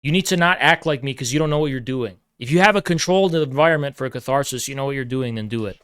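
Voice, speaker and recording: A man's voice: medium pitch, fast talker, fairly bright tone, clean tone, dry recording. A man hosting a livestream, ranting at his chat in an aggressive, profane, repetitive lecturing way. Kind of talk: heated livestream rant to chat.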